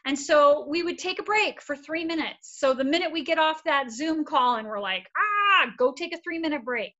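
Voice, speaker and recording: Woman therapist, high bright voice, upbeat encouraging workshop talk, slightly muffled lo-fi audio. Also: moderate pace. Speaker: therapist giving a wellness workshop. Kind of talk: casual instructional talk.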